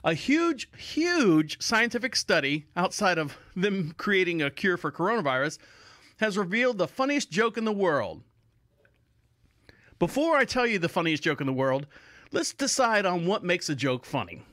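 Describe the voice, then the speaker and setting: A man's voice: sits high, sing-song, normal speed, a bit bright, dry recording, studio quality. A man hosting a podcast in a casual, rambling monologue, repeating himself and chuckling. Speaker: podcast host.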